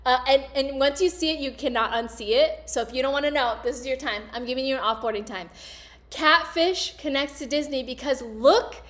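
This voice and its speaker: High-voiced, animated woman host. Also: a little fast. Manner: animated, rambling, laughs often. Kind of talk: casual comedic storytelling.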